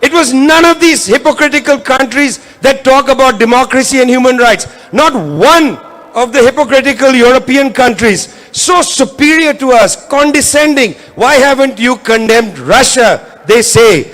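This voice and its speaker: A man's voice: extremely high pitch, normal speed, a bit bright. A man giving a keynote political speech, impassioned and driving points home through repetition. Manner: impassioned, repetitive rhetorical emphasis. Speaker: keynote speaker. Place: event hall.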